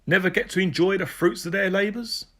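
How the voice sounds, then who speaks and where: Man playing a Welsh police sergeant, Welsh accent, blunt, teasing, bright tone. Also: sits high, fairly quick, voice pushed up. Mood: joking. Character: Welsh male police sergeant, jokey and crude.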